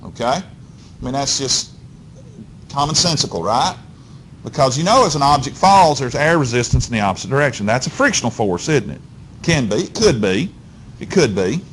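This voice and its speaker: This male physics lecturer has a mid-range voice with big pitch swings and a moderate pace, and there's slight background noise. Folksy and coaxing, he talks directly to his students, constantly checking in with "okay?" and "all right?"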